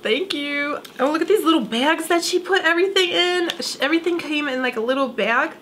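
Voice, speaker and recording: A woman's voice: high voice, lively intonation, brisk, fairly bright tone, slight background noise. A young woman gushing through an emotional unboxing vlog, gasping and close to tears. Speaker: beauty vlogger.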